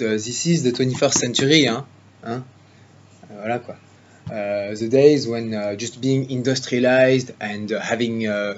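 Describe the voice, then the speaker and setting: A man's voice: mid-range voice, a little mellow, natural voice. A smug Frenchman with a thick French accent holds forth in a pompous, mocking speech, as a man puts him on. He lectures his listeners as a chauvinist speechmaker. The recording is slightly dull, with a faint hum behind it. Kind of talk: mock speech for interpreting practice.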